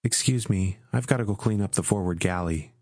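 A man's voice: deep voice, a little fast, darkish tone, dry recording, studio quality. A man voicing a polite young female airline stewardess in an audiobook, in a poised, courteous manner. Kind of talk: audiobook character voice.

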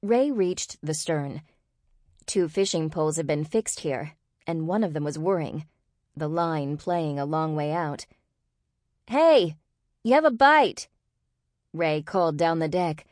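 A woman reads an audiobook with steady, expressive narration. Her voice is low, and the recording is dry and close, with no room around it. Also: measured pace, no room sound. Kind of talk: scripted narration.

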